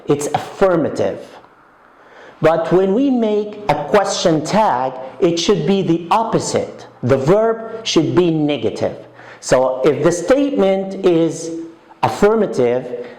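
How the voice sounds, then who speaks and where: A man teaches English grammar, talking slowly and repeating each example so it sinks in. His pitch moves a lot and sits a little high. The recording has a roomy echo. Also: darkish tone. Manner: slow, deliberate explaining with repeated example sentences. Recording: echoey room.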